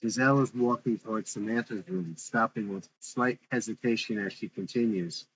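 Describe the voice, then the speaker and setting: A man's voice: on the low side, normal speed, muffled recording, slight background noise. A man reading a script aloud with its stage directions, in a plain, matter-of-fact way.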